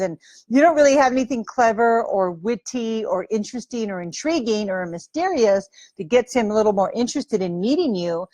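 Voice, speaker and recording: A woman's voice: a little high, a little mellow, no room sound. A woman dating coach giving advice straight to camera in a breezy, playful way, acting out sample lines.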